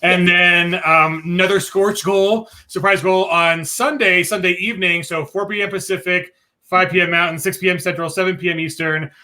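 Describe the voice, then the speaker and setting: Chatty guy hosting a stream, high bright voice, lots of ums. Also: fairly even intonation, moderate pace. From Colorado. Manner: chatty, joking, many fillers. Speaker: host. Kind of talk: casual livestream chat.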